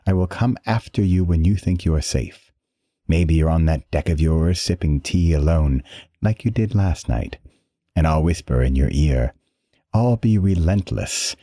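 A man's voice: low-pitched, dark tone, no echo, clean studio sound. A man voicing a mocking, menacing tormentor who talks in a snide, uppity way while reading a story aloud. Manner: sneering, snarky, drawn-out threats.

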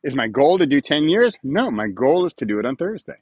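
A man's voice: a little high, big pitch swings, fairly quick, a little mellow, breathy edge, dry recording, muffled recording. A man hosting his own weekly video podcast, chatting casually and rambling a little while he films himself outdoors. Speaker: podcast host. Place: outdoors with a morning view.

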